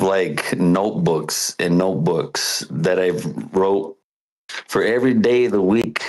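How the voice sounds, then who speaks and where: A longtime caller talking in a rambling, halting way, full of fillers and restarts. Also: male voice, deep voice, low-quality recording. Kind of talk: casual call-in chat.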